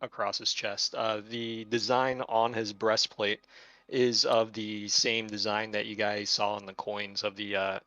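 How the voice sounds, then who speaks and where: A man running a tabletop game, describing each scene in a bright, forceful voice. He narrates haltingly with frequent fillers, recorded close and dry with slightly dull sound. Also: lowish voice, little pitch movement, no room sound. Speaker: game master.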